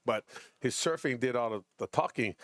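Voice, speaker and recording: Animated middle-aged surf commentator. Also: male voice, moderate pace, dry recording, studio quality. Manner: animated storyteller, jumps pitch to act out friends. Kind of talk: casual live surf commentary and storytelling.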